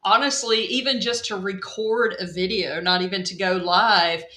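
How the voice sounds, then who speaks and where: A woman hosts a live-stream interview, reassuring her guest and talking straight to her viewers. Her tone is bright and forceful, and her voice rings in a noticeably echoey room. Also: medium pitch, fairly even intonation, normal speed. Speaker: host.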